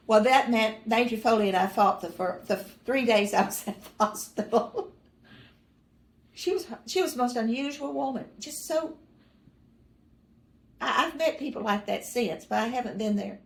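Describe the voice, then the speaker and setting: A woman's voice: fairly high pitch, normal speed, roomy sound. An older woman recalling family memories in a rambling, self-correcting way, with dry humor and small chuckles. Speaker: mother recalling family stories. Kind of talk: casual personal storytelling.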